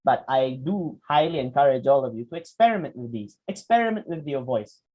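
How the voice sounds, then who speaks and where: Man, young adult, workshop instructor, animated, asks audience questions, acts out examples. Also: medium pitch, brisk, dull audio. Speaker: public speaking workshop instructor. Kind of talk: lecture presentation with slides.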